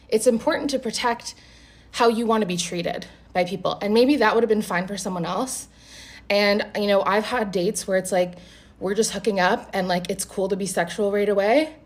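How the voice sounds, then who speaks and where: Blunt, animated woman telling a story. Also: mid-range voice. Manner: animated, blunt, swears freely. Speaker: vlogger. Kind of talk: casual storytime.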